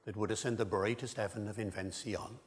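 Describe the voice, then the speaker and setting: A man's voice: lowish voice, fairly even intonation, a little fast, big-room sound, lightly acted. A man lecturing on language and performing Shakespeare in Elizabethan original pronunciation, declaiming each line with rolled R's after the vowels. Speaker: lecturer demonstrating.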